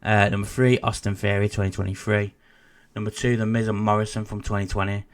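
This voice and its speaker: A man's voice: fairly low pitch, level tone, brisk. A man co-hosting a casual wrestling podcast, reading out lists and joking, swearing now and then. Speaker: podcast co-host.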